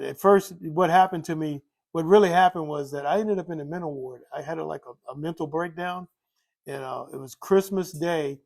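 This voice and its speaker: An older man telling the story of his recovery from alcohol in a rambling, candid way, repeating himself and filling pauses with "you know". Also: fairly high pitch, vocal fry, a little mellow. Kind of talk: candid personal testimony.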